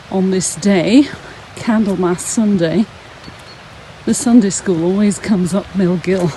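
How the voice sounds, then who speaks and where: Woman, Sunday school leader, warm mellow tone, slow unhurried telling, a little breathless, faint outdoor hiss. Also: mid-range voice, rough recording. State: slightly out of breath. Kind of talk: outdoor talk to camera on a walk. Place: outdoors on a frosty hillside walk.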